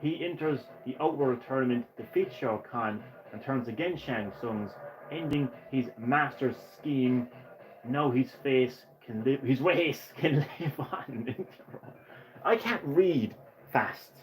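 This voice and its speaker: A young man hosting a gaming livestream, giving live play-by-play commentary full of profane trash-talk and excitable jokes. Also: mid-range voice. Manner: brash, profane trash-talk aimed at the game; excitable, jokey, sometimes rushes his words.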